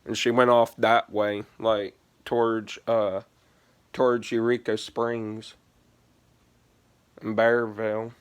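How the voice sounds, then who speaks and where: A man chats through a long personal story for his vlog in a smooth, clear voice. He takes his time, drifts between thoughts, swears often and keeps saying "like". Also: lowish voice, flat delivery, slow pace, pauses often. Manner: rambling, profane, heavy use of "like". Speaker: gaming vlogger.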